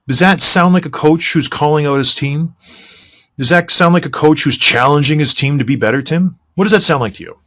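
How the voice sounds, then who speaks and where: A man's voice: a little high, a little fast, fairly bright tone. A man hosting a sports podcast, a former player giving emphatic opinions. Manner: emphatic, mocking impressions of coaches.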